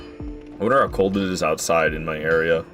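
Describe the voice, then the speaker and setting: A man's voice: low-pitched, steady tone, moderate pace, a bit bright, soft background music. A young man streamer chatting through live gameplay, frustrated and swearing, talking to his chat. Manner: talks to chat.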